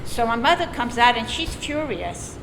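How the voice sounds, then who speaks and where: Brief: older woman, higher voice, storyteller who laughs easily, echoey hall with noise behind. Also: normal speed, creaky. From Florida. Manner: lively, laughs often while telling stories. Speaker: oral history storyteller. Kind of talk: casual storytelling. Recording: echoey hall, noisy room.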